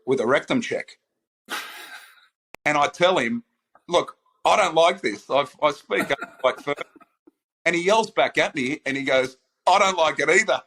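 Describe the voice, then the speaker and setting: A man's voice: mid-range voice, fairly bright tone. A man telling a long personal anecdote in casual chat, often laughing and restarting his sentences. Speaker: podcast host. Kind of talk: casual storytelling.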